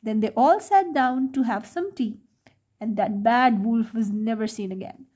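A woman reading a bedtime story aloud to children in a gentle, sing-song way. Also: a little high, unhurried.

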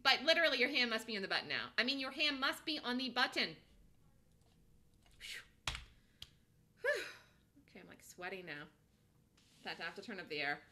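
A woman hosting a live day-trading show, giving rapid, repetitive play-by-play of her trades and gasping and squealing as prices move. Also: on the high side, big pitch swings, sharp tone, a little hiss or hum.

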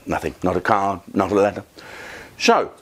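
A man's voice: low voice, moderate pace, husky. An older man, a comedian telling rambling stories in a profane, self-mocking way. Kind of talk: comic monologue, casual storytelling.

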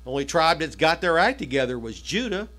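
A male pastor preaching a sermon in a conversational style, swinging from emphatic high peaks down to quiet asides. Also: big pitch swings, fairly quick. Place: church hall.

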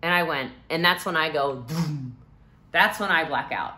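Low-voiced woman telling a story, bright and forceful. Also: normal speed. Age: 30s. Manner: animated and expressive, swinging from hushed to loud, breaks into laughter. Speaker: vlogger. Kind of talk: emotional personal storytelling to camera.

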